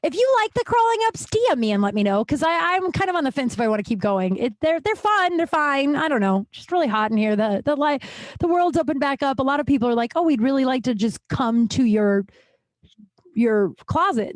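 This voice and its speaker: A woman in her thirties hosting a casual solo podcast from a small closet, rambling, swearing and bursting into excitement. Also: fairly high pitch, brisk, no room sound, studio quality. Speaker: podcast host.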